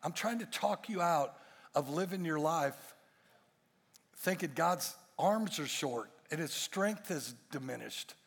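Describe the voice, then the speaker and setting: A man's voice: a little high, expressive, takes it slowly, creaky, fairly bright tone, slightly rough, long reverb tail. A male pastor delivering a sermon to a congregation, emphatic and full of rhetorical questions and jokes. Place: church stage before a congregation.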